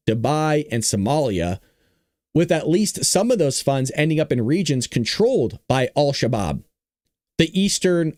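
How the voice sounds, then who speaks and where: A man's voice: a little high, no echo. A male host delivering emphatic political news commentary with sarcastic asides, close to the mic.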